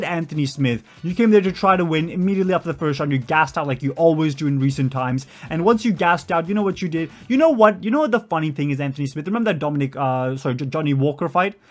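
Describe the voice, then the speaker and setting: A man's voice: a little high, fast, few pauses. A man giving a ranting commentary, exasperated and sarcastic, sometimes doing mocking impressions.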